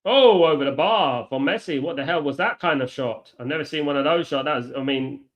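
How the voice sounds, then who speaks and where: A man hosting a live football watchalong, chatty, reacting to play and giving shout-outs to viewers. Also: fairly high pitch, fairly quick, few pauses, dull audio. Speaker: watchalong host.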